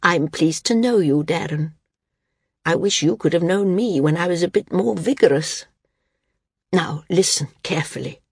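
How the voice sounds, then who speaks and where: A woman reading the part of a frail, dying old woman who speaks frankly, wearily and with quiet firmness. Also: on the low side, moderate pace, vocal fry, breathy edge, no echo, studio quality. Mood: earnest. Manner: frank, weary, gently firm.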